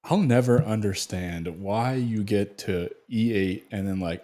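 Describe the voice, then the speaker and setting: A man's voice: on the low side, expressive, a little slow, hardly any pauses, darkish tone. A man hosting a podcast, chatting bluntly and casually with some swearing. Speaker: podcast host. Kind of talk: casual chat.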